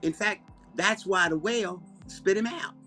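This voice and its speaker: A man with an Alabama Southern accent, hosting a comedy show and rambling deadpan through comic banter. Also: high-pitched, measured pace, over music. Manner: rambling, deadpan, self-interrupting.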